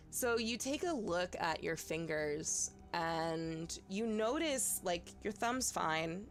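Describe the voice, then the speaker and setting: Brief: woman game master, low voice, slow hesitant narration, faint music underneath. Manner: hesitant, many fillers, second-person narration. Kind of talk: narrating a tabletop horror game.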